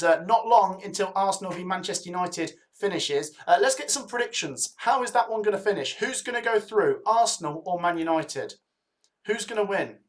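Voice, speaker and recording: Upbeat young man hosting a football livestream. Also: high voice. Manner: upbeat, urging viewers to like and comment; rattles off lists of club names from the chat. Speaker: livestream host. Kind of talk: live football watch-along chat.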